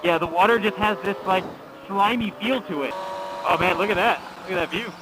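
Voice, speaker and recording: A man's voice: sits high, normal speed, background noise. Easygoing young guy on a ride. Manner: easygoing, hesitant with fillers. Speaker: riding buddy. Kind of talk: casual conversation.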